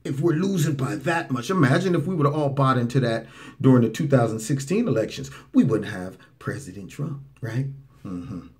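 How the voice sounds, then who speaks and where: Animated man hosting political commentary. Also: mid-range voice, normal speed. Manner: animated, mocking, talks over clips. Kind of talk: talk radio commentary.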